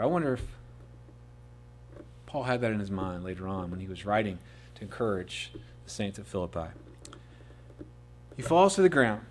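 A man preaching a sermon, rising to loud emphatic peaks and dropping to soft, slow asides on key phrases. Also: medium pitch, lively intonation. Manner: slows right down to dwell on key phrases.

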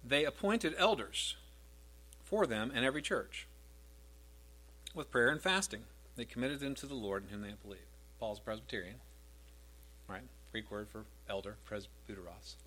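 Man, middle-aged, pastor, sermon, emphatic, mid-pitched voice. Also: moderate pace, bright, forceful tone, slightly rough. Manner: emphatic, repeats scripture with rising stress.

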